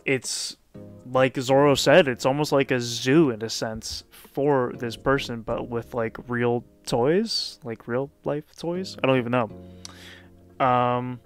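A man's voice: medium pitch, faint music behind. Chatty man recapping a manga chapter. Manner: loose, chatty retelling with frequent fillers and quick laughs. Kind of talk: casual chapter recap and commentary.

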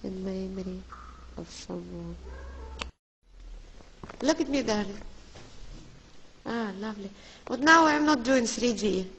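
Outdoors by an old church and then inside it, a woman films a family outing on a handheld camera, coaxing her child along in simple non-native English and calling the child darling again and again. Her medium-pitched voice is gravelly and animated, moving slowly with frequent pauses. The background is noisy, and the whole thing plays as casual handheld vlog narration.

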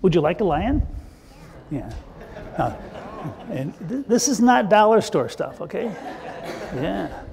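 Older pastor with a gravelly voice. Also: male voice, sits high, sing-song, slow, long pauses, long reverb tail. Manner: warm, playful, chatty with children. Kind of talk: children's sermon storytelling. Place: church sanctuary.

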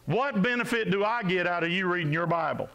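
Gravelly, high-pitched preaching man. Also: a little fast, lo-fi sound. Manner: animated, exhorting, rises to shouts and drops to low tones. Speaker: pastor. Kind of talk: sermon. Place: church sanctuary.

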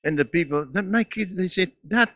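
A man's voice: animated, normal speed, no echo, dull audio. Man in his eighties with an accent, preaching. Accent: non-native English. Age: 80s. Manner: preaching with laughs and sudden swings in pitch and loudness. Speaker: pastor. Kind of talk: sermon. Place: church.

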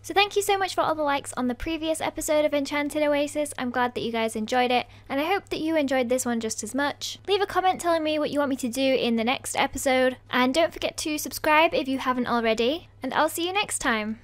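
High-voiced, playful woman gamer. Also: a little fast, hardly any pauses. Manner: chatty and playful, with frequent excited gasps. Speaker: gaming channel host. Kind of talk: let's play commentary.

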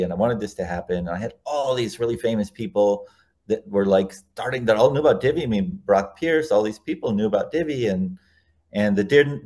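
A man in a relaxed interview, recounting his story at length as a guest. His voice sits on the lower side, and he rambles, circling back and rephrasing as he goes. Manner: rambling, self-correcting anecdotes.

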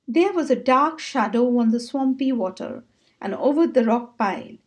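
Expressive woman reading a bedtime story. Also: a little high, moderate pace. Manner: expressive, sing-song read-aloud.

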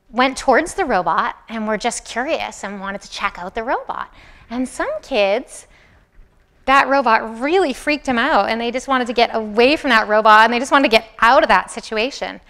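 A woman lecturer talking to a class in a conversational way, asking the students questions directly. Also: high-pitched. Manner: acts out soothing and excited voices. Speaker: university lecturer. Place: lecture room.

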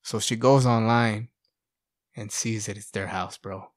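A man sharing his testimony in a casual, animated storytelling way, often asking "right?" and "you know". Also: on the low side, unhurried, dry recording, studio quality. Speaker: podcast guest sharing testimony.

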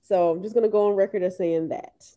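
A woman's voice: mid-range voice, steady tone, quick pace, noisy background. A woman co-hosting a podcast, playful and joking in casual chat.

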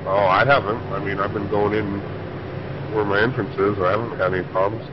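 A man with a lowish voice mutters offhand remarks as he drives in a sim race. The chat audio sounds dull and muffled, and loud engine noise runs underneath. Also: steady tone, brisk. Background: racing game engine noise.

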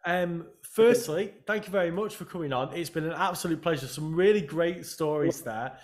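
Upbeat male host, slightly high voice. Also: normal speed. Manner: upbeat, laughs often, enthusiastic reactions. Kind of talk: casual interview chat.

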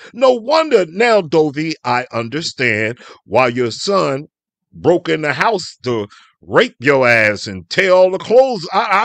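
A man's voice: high voice, creaky, a bit bright, dry recording. A man hosting an online commentary show, delivering a heated, cussing, scolding rant. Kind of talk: profane ranting commentary.

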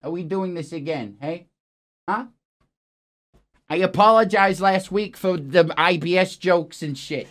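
A man's voice: high-pitched, a little slow, long pauses, fairly bright tone. A man hosting a mock news show, improvising in a profane, exasperated, rambling way. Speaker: comedy news anchor. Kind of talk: improvised comic news parody.

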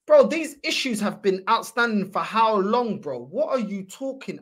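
A man's voice: high-pitched, sing-song, moderate pace, hardly any pauses, fairly bright tone, husky. A man with a London accent hosting a football fan channel, angrily ranting and repeatedly calling people "bro". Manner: angry, ranting, repetitive "bro". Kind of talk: heated fan reaction rant.

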